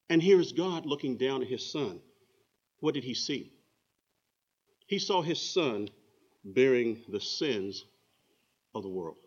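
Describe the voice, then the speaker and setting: Male preacher, mid-pitched, emphatic sermon delivery with slow dramatic phrasing; muffled lo-fi recording. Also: expressive, husky. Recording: dull lo-fi recording.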